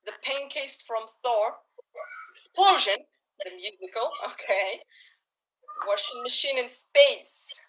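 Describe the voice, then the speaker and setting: A woman's voice: a little high, slow, pauses often, fairly bright tone, poor audio. A woman hosting a live online improv show over a video call, talking to the audience in a chatty, upbeat way.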